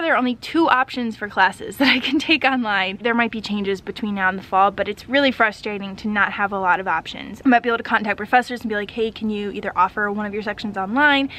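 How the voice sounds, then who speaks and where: A young woman with a Midwestern accent, talking to camera in a casual vlog, bubbly and effusive, gushing with excitement. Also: fairly high pitch, slight background noise. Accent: Midwestern American. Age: young adult. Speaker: vlogger.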